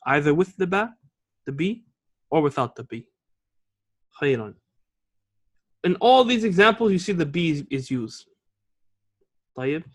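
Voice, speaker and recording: A man teaching Arabic grammar in a classroom has a slightly high, sing-song voice and a moderate pace, with frequent pauses. Patient in his explanations, he goes back and forth between English and Arabic and checks in with "okay?" and "all right?"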